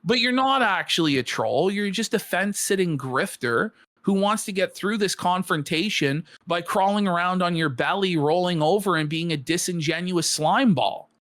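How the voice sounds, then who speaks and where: A man's voice: high voice, moderate pace, few pauses, fairly bright tone, no room sound, studio quality. A man co-hosting a podcast, reacting to a clip with a profane, mocking rant. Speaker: podcast co-host.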